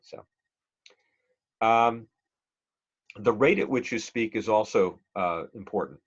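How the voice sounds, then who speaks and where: A middle-aged man teaching a speech class, talking in a relaxed conversational way with many fillers and questions to the students. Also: fairly low pitch, slow, husky. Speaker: college speech instructor. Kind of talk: classroom lecture. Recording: dull lo-fi classroom recording.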